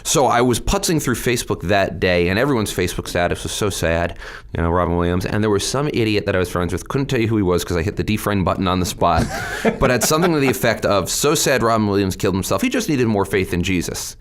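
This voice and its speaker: Lively candid man, low voice. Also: fast talker. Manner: candid, animated storytelling. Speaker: state representative guest. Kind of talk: podcast interview.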